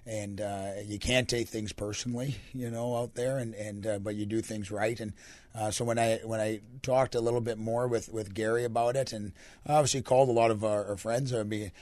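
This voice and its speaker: A young Canadian man, a hockey coach with a deep, raspy voice, answering radio interview questions in a relaxed, rambling way. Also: a little fast, no room sound. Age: young adult. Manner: relaxed, rambling answers with many fillers and restarts.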